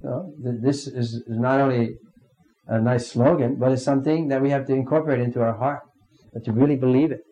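A man teaching a devotional class in a halting way, pausing often and clearing his throat. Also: mid-range voice, fairly even intonation, dark tone, highs cut off. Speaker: spiritual teacher.

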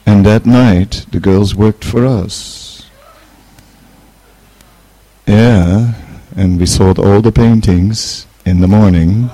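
A middle-aged man giving an informal spiritual talk, relaxed and hesitant, chuckling as he tells a personal story. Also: on the low side, slow pace, no echo. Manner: relaxed, hesitant, chuckles while telling stories. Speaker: spiritual teacher.

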